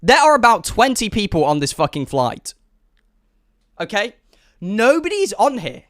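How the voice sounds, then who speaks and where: A young man, a streamer telling an animated, sweary storytime to his chat and acting out the dialogue. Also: high-pitched, measured pace. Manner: excitable, swearing, acts out dialogue.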